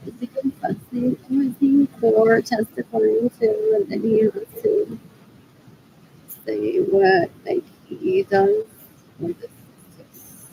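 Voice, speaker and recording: A woman's voice: very high voice, animated, vocal fry, lo-fi sound, a little hiss or hum. A woman vlogging in a rambling, distracted monologue, trailing off mid-sentence and repeating the same muttered phrase. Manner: drifting, halting speech with trailing half-sentences. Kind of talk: rambling unscripted monologue to camera.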